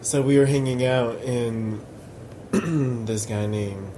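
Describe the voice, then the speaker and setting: A young man on a podcast telling a story in casual chat, soft-spoken and hesitant, laughing often. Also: mid-range voice, steady tone, takes it slowly, a little hiss or hum.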